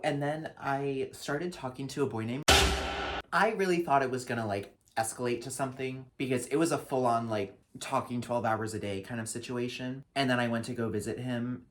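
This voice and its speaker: Young man ranting in a dramatic vlog. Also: mid-range voice. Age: young adult. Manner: dramatic, swears a lot, swings between loud rants and flat asides. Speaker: vlogger and drag performer. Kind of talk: casual year-recap vlog. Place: apartment lit only by a ring light.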